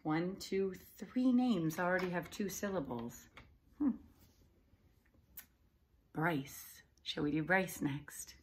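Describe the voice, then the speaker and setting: A woman teacher giving a video lesson to young children in a sing-song, animated way. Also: lowish voice, unhurried, hardly any pauses, breathy edge.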